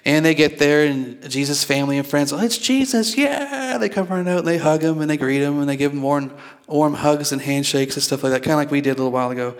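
Conversational pastor preaching a sermon. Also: male voice, mid-range voice, little pitch movement, fast. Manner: conversational, repeats words, asks the congregation for replies. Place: church.

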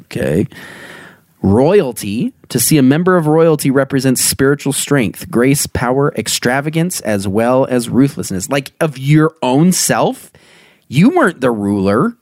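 A man's voice: mid-range voice, very animated, measured pace, darkish tone, dry recording. A man hosting a podcast, reading dream meanings aloud in a casual, jokey way and laughing often. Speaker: podcast host.

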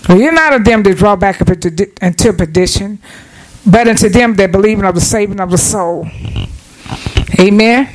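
A woman's voice: mid-range voice, normal speed, rough recording. A woman preacher delivering a down-to-earth, conversational sermon in church, calling for amens from the congregation. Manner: folksy, down-to-earth preaching with call-and-response.

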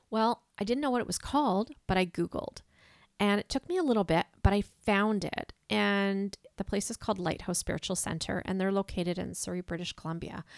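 A woman recounts a personal experience on her podcast, animated and expressive. Her voice sits at a middle pitch. The recording is dry and close. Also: vocal fry, dry recording. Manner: animated, voices quoted people with pitch jumps. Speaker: podcast host, medium. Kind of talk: personal storytelling.

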